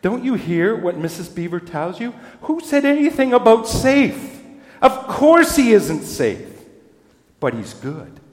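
An indignant, proud male beaver from a storybook, read aloud by a man. The delivery is emphatic and drawn out, slightly high. The voice echoes in a large reverberant room. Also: very animated, measured pace.

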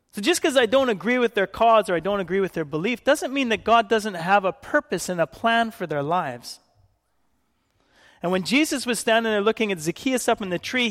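A man's voice: high voice, fairly bright tone, long reverb tail. A man from Canada giving a sermon, telling stories with frequent laughs and acted-out quotes. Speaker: preacher.

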